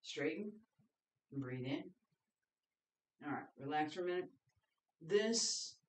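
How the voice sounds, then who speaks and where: A qigong instructor leading a guided movement class, giving calm, step-by-step breathing cues. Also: mid-range voice. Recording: roomy echo, voice picked up from a distance.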